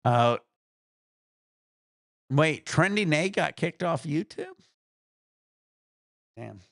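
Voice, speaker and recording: A laid-back man rambles through casual livestream chat and laughs easily. His voice has a gravelly edge and sits a little high for a man, with lively swings in pitch. The sound is close and dry on a desk mic. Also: very slow, dry recording. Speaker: livestream host.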